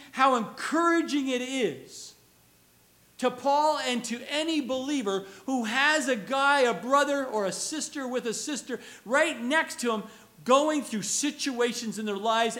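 A man's voice: very high-pitched, fairly bright tone. A man preaching a conversational sermon, earnest and putting rhetorical questions to his listeners.

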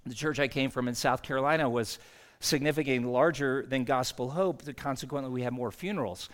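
A man's voice: mid-range voice, a little fast. A man, a pastor, preaching a sermon in an earnest, conversational storytelling way.

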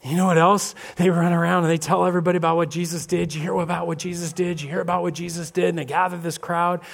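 A man preaching a lively sermon as pastor, acting out little scenes and voices of churchgoers. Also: sits high, fast talker, vocal fry. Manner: animated, acts out congregation voices. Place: church sanctuary.

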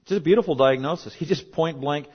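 A man's voice: on the high side, fast talker, breathy edge. A middle-aged male pastor giving a sermon in an emphatic, conversational way, with joking asides. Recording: dull lo-fi recording.

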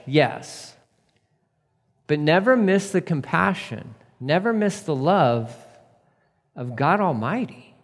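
Male pastor, somewhat high voice, conversational sermon delivery with emphatic and hushed turns, reverberant hall.

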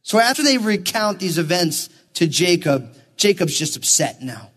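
A man's voice: sits high, big pitch swings, normal speed, fairly bright tone, breathy edge, in a large hall. A man preaching a sermon as pastor, reading scripture and acting out people's words. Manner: preaching with Bible readings, voicing characters in asides.

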